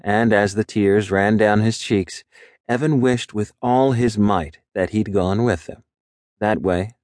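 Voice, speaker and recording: A man reading an audiobook in a measured, even storytelling voice. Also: lowish voice, no room sound, studio quality. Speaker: audiobook narrator. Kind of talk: scripted narration.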